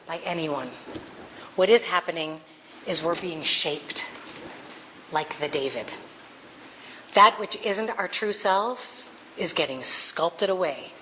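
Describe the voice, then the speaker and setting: A woman's voice: fairly low pitch, bright, forceful tone, a little hiss or hum, poor audio. A woman preaching a conversational Sunday sermon, earnest with playful asides. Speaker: minister.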